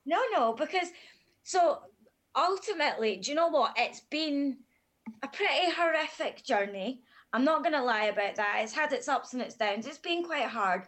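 A woman speaks in a fairly high voice as she tells a podcast host her story. Her manner is frank, calm and matter-of-fact. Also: moderate pace. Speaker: podcast guest. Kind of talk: candid personal storytelling.

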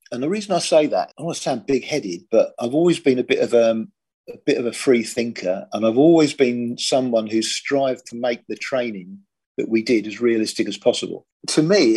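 A man's voice: medium pitch, a little mellow, breathy edge. An older man from Britain, a former police firearms officer, telling his story in a plain-spoken, matter-of-fact interview.

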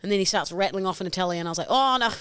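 A woman co-hosting a podcast, teasing her co-host in sassy, quick banter. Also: fairly low pitch, little pitch movement, clear, resonant tone. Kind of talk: casual banter.

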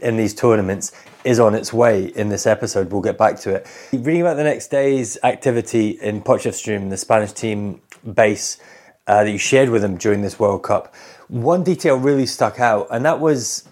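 A man's voice: lowish voice, normal speed, a little mellow. A man hosting an interview, building long, thoughtful questions for his guest. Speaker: podcast host.

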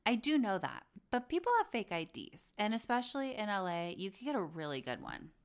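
A woman's voice: mid-range voice, very animated, a little fast, smooth. A young woman hosting a podcast, chatting casually and gushing about reality shows. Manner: gushing, chatty, acts out quoted voices. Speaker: podcast host.

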